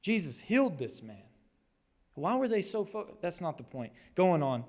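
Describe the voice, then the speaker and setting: A man's voice: high voice, very animated, moderate pace. A man preaching a sermon as pastor, telling the story conversationally and acting out the quotes with animation. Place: church hall. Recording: long hall reverb.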